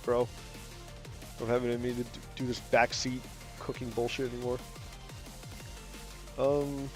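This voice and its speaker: A young man streaming from home, talking casually and rambling through his stories with plenty of filler and profanity. His voice sits at a middle pitch, and faint music plays underneath. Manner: gets loud and animated when ranting. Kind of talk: casual stream chat while drawing.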